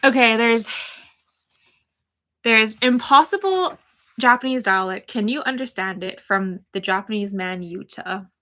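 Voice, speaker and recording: A woman's voice: a little high, expressive, unhurried, pushed and bright. A young woman with a Toronto accent, chatting casually on a live stream, reading out her chat and rambling with lots of fillers and little giggles.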